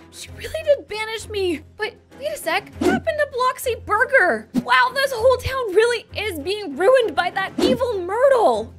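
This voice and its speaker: Woman game narrator, very high animated voice, dramatic and excitable, over loud music. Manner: dramatic, excitable narration with frequent put-on quotes. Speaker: game narrator playing as a frog girl. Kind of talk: narrated role-play of a game story.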